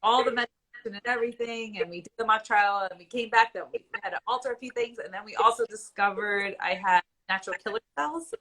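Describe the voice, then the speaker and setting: A woman's voice: a little high, quick pace, bright, forceful tone, rough recording. A woman in her forties telling her own story as a patient in a live Q&A, candid and conversational, at times emotional. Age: 40s. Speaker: IVF patient guest.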